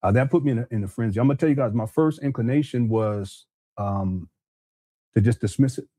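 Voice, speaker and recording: A man's voice: medium pitch, a little fast, mellow, no room sound. A male show host explaining step by step to his viewers, careful and hesitant, with many fillers.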